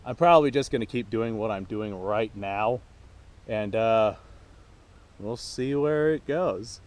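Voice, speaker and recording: A man with a lowish voice talks unhurriedly to the camera on his own firearms channel. Out at a shooting range, he chats casually, rambles, and swears freely.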